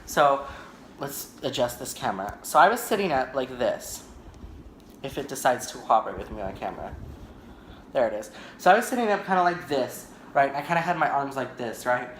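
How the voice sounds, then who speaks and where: A man's voice: medium pitch, sing-song, brisk, a bit bright, a little hiss or hum. A man vlogging on camera indoors, telling a story in a dramatic, rambling way and often checking in with "right?". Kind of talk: storytime vlog. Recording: echoey room.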